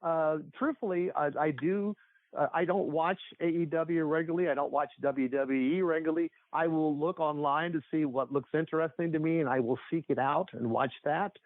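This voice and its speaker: A man's voice: fairly high pitch, normal speed, no echo. A man chatting casually as a podcast guest, rambling with lots of fillers and restarts. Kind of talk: casual chat. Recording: tinny phone-like line.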